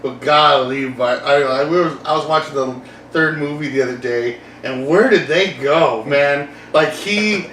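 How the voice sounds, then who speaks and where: A man hosting a casual podcast chat, rambling and animated, laughing often and acting out quotes. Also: fairly high pitch, measured pace, a little hiss or hum. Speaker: podcast host. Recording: roomy, distant mic with faint ambience.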